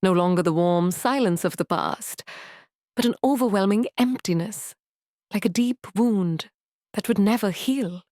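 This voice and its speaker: A woman narrating a dramatic first-person story slowly, in a sorrowful storytelling manner. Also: medium pitch, a little mellow, no room sound, studio quality.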